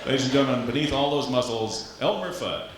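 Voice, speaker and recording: A man from Louisiana doing live stand-up comedy on a club stage, with a punchy, animated delivery and vocal sound effects. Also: medium pitch, brisk, very noisy. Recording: echoey live club recording. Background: audience laughter.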